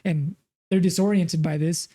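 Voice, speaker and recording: A man's voice: on the high side, steady tone, normal speed, dark tone. A man co-hosting a film podcast, retelling scenes in a rambling, casual way with lots of fillers. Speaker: podcast co-host. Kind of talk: casual film review chat.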